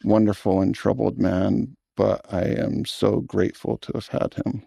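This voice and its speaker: Gravelly low-voiced man, reflective. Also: little pitch movement, dark tone, no echo, studio quality. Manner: thoughtful, halting, earnest. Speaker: film director guest. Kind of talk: reflective interview talk.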